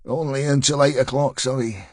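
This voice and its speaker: A man's voice: on the low side, moderate pace, no echo, studio quality, close to an everyday voice. A man voicing a nervous, gossipy male pub landlord who stammers and chatters. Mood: nervous gossip. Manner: stammering, chatty, dialect-heavy.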